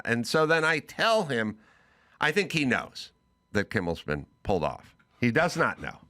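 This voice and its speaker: Animated man telling a story. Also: medium pitch, unhurried. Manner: animated, voices both sides of a phone call in quoted bits. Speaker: podcast host. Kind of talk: casual storytelling.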